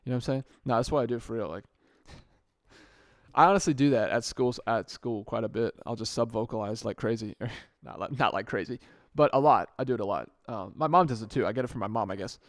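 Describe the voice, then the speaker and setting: A man's voice: mid-range voice, fairly quick, no echo. Rambling young man, dry close podcast mic. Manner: rambling, often restarts and corrects himself mid-sentence. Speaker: podcast host. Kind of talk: casual solo podcast monologue. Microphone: good podcast microphone.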